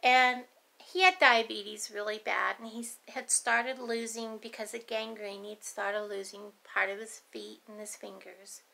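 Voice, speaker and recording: A woman's voice: medium pitch, level tone, a little slow, vocal fry, sharp tone. A middle-aged grandmother telling family stories in a folksy, meandering, chatty way. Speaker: grandmother vlogger. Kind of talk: rambling storytelling.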